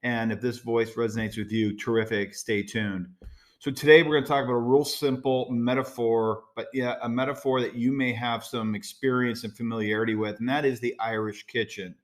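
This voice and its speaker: A man's voice: medium pitch, fairly even intonation, a little fast. Man, middle-aged, American, podcast host, casual solo talk, direct, chatty with fillers. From United States. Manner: conversational, direct, with frequent fillers and asides.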